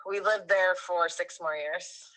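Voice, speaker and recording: A woman in her thirties, a guest telling a personal story in a casual, animated way, rambling with fillers and correcting herself. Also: lowish voice, a little slow, low-quality recording.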